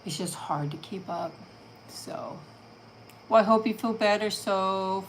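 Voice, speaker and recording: A woman's voice: medium pitch, normal speed, a little hiss or hum, poor audio. A woman hosting her own channel, chatting casually and affectionately with viewers during a live stream. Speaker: channel host.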